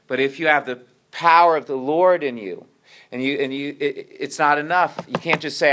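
A man's voice: a little high, steady tone, normal speed, bright, forceful tone. A man preaching a sermon to his congregation, often restarting his words and checking in with "right?".

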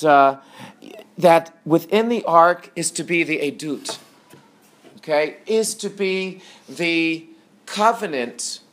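A man teaching a sermon on scripture, asking his listeners questions, answering them himself and repeating his key points. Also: a little high. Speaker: teacher on weekly scripture portion.

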